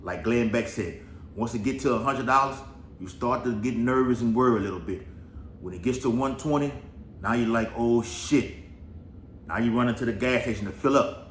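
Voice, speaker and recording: A man's voice: medium pitch, brisk. Profane rambling man in an echoey room. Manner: rambling, profane, keeps saying "all right". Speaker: Bible prophecy commentator. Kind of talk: casual preaching commentary. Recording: echoey room with faint noise.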